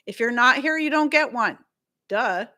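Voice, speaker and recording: A woman's voice: on the high side, lively intonation, moderate pace, sharp tone. A woman hosting a casual home livestream, chatting loosely with viewers, laughing often and wandering off into asides. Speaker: livestream host.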